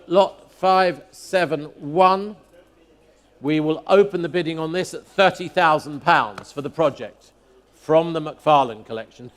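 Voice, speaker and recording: A man working as an auctioneer, calling bids live in a brisk, rhythmic chant, repeating each figure as he asks for the next. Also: a little high, a bit bright. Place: auction hall at a motor museum.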